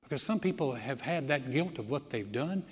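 Pastor, man, mid-pitched, folksy earnest sermon, long church reverb. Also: animated, normal speed, breathy edge. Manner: folksy storytelling, earnest and direct.

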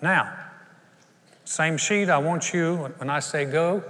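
This pastor's voice is a little high, bright and forceful, and he takes his time. In a large church hall with long reverb, he preaches earnestly and conversationally, speaking straight to his congregation with questions.

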